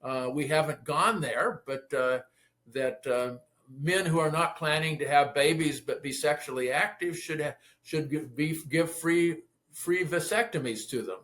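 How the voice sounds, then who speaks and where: Man, guest theologian, slightly raised pitch, reflective, halting restarts. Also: a bit bright. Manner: thoughtful, with frequent restarts and stammers. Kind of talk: conversational interview.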